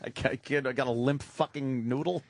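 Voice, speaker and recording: A man's voice: medium pitch, steady tone, normal speed, background noise. Profane rambling male radio host. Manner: profane, rambling, self-mocking. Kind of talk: casual radio chat.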